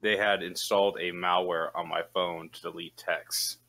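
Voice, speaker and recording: A man with a very low yet bright, forceful voice in casual group chat. He talks bluntly and grumbles, with plenty of swearing. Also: flat delivery, normal speed.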